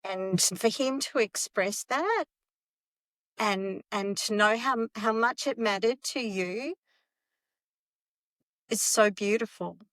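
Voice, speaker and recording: A woman hosts a podcast and answers her guest slowly and gently, repeating words as she works out what to say. The sound is dry and close. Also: medium pitch, no echo. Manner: slow, warm-hearted, repeats words as she thinks. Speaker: podcast host. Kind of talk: conversational interview.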